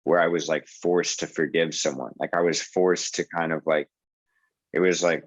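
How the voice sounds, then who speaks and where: A man in his twenties with a low voice and fairly even intonation tells a story over a video call at a normal speed, rambling casually as a support group host. He swears a lot and leans on fillers like "like" and "dude." The audio is poor but has no echo.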